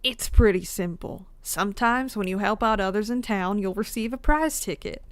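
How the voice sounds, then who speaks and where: A woman's voice: mid-range voice, moderate pace, clean tone, no room sound, close to an everyday voice. A woman putting on a folksy Southern old mayor. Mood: folksy, upbeat. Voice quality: put-on Southern drawl.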